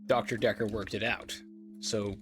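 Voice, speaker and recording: A man's voice: on the low side, flat delivery, normal speed, over music. A man streaming a game, thinking aloud in a wry, casual way and swearing now and then.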